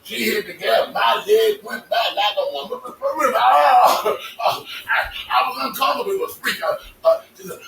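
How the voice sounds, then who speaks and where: A man telling casual stories to his vlog audience, animated and laughing, cursing freely as he talks. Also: high-pitched, normal speed, creaky, few pauses. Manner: animated, swearing, laughing storyteller. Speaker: vlogger. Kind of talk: casual storytelling monologue. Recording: echoey, distant mic with faint noise.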